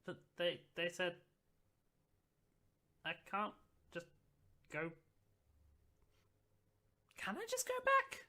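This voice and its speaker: A game master voicing a cheeky young elf boy in a tabletop game, with high, drawn-out calls. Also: wildly swooping pitch, bright, forceful tone, exaggerated voice.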